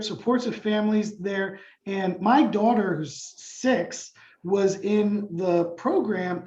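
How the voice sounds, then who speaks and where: A man in his thirties, a nonprofit president and CEO, telling animated stories with lots of fillers on a webinar panel. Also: sits high. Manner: animated storytelling with many fillers. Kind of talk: casual webinar panel talk. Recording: echoey muffled call audio.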